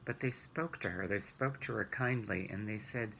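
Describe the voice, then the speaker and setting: A man teaching a children's Bible lesson, retelling the story gently and asking rhetorical questions. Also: fairly low pitch, normal speed, gravelly, a little hiss or hum, low-quality recording.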